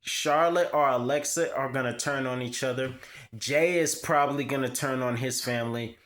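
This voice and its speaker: A young man hosts his own wrestling review vlog, talking casually and emphatically and repeating words to stress a point. His voice is medium-pitched and a bit bright, at a moderate pace.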